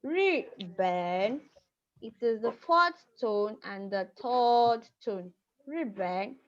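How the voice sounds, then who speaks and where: A woman's voice: a little high, expressive, takes it slowly. A woman teaching a language class over a video call, patiently repeating words and prompting her students. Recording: muffled video call audio.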